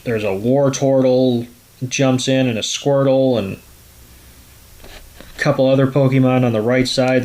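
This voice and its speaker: A man's voice: mid-range voice, a little mellow. A man hosting a podcast, recapping an episode in a casual, rambling way with many fillers. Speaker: podcast host.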